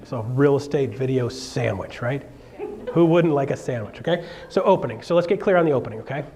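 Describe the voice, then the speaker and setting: A man coaching a live seminar audience in an animated, jokey way, acting out quotes in a raised voice. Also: medium pitch, brisk, crowd noise. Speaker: real estate coach. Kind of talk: energetic seminar talk.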